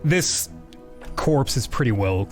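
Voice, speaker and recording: A man narrating a tabletop game as game master, hesitant and animated, with many pauses and restarts. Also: mid-range voice, faint music behind.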